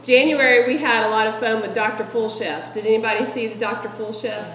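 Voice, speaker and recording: A middle-aged woman presenting meeting ideas to fellow directors, chatty and animated and laughing often. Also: on the high side, fairly quick, a little hiss or hum. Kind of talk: casual presentation to a group. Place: meeting room with an audience. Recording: echoey room from a distant mic, audience audible.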